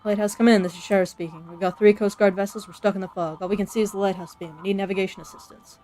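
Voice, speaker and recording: A woman's voice: mid-range voice, steady tone, racing, warm tone, soft background music, natural voice. A woman reading the lines of a stern sheriff giving orders over the radio, firm and clipped. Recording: faint background noise.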